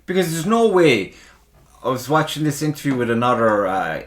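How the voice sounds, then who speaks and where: A man hosting a casual podcast chat, animated and swearing freely. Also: mid-range voice, normal speed. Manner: animated, swears freely, talks over the guest. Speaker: podcast host.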